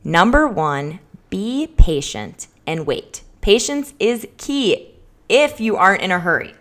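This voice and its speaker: A woman in her thirties co-hosts a parenting podcast, walking through tips one by one. Her voice sits on the lower side for a woman, and she sounds steady and methodical. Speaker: podcast co-host.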